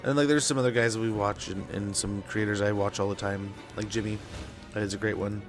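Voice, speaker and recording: A man's voice: on the low side, fairly even intonation, fairly quick, music in the background. A young man chatting casually and rambling while playing a strategy game on stream, with lots of fillers. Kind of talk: casual gameplay chat.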